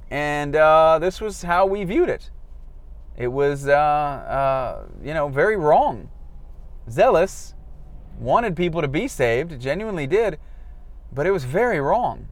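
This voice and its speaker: A man's voice: on the high side, very animated, takes it slowly, no echo. A man talking candidly in a car stuck in traffic, looking back on his days as a street evangelist and acting out the lines he used. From Florida, US. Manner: candid, self-deprecating, acts out quoted dialogue. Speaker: former evangelist recounting his past. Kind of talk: casual reflective monologue.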